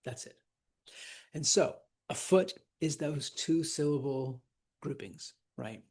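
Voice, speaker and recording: A man teaching a class on verse, animated and laughing often, repeating words to stress them. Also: on the high side, slow, breathy edge. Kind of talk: classroom lecture.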